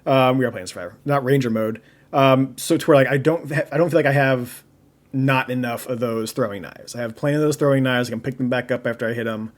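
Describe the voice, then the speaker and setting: A man's voice: medium pitch, fast. A man with a mid-range voice co-hosts a casual podcast chat. He rambles enthusiastically and often restarts his sentences. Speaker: podcast co-host.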